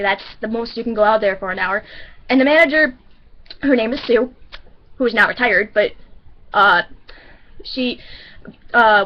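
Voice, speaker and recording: A woman's voice: fairly high pitch, muffled recording. A woman telling a story about work in a casual, rambling way, often correcting herself. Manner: rambling, self-correcting, chatty. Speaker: grocery store bagger.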